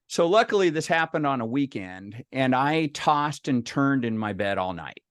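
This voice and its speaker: A man's voice: medium pitch, lively intonation, normal speed, few pauses, no room sound. Middle-aged guy telling a story to a group, folksy, stumbles and restarts, dry sound. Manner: folksy storyteller who acts out the dialogue, with frequent restarts. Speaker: speaker at a professional meeting. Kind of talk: personal anecdote told to a group.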